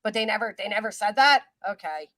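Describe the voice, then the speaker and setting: A woman's voice: mid-range voice, animated, quick pace, a bit bright, dry recording. A woman hosting a casual livestream, talking in an indignant, ranting way. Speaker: livestream host.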